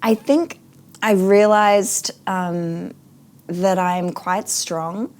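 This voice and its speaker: A woman's voice: mid-range voice, fairly even intonation, drawn-out words, darkish tone. A woman talking as an interview guest in a casual, earnest and reflective way, with frequent fillers.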